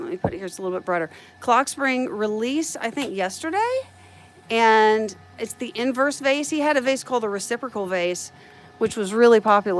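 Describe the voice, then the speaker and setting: In a rough recording, a middle-aged woman from the U.S. with a mid-range voice and light Southern accent talks about her printer on a live stream. She keeps it casual and works through her thoughts aloud.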